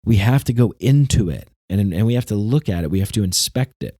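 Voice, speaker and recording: Sarcastic ranting man, low dark voice. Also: animated, a little fast, no room sound, clean studio sound. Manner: ranting, sarcastic, swears often. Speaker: podcast host. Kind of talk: solo monologue.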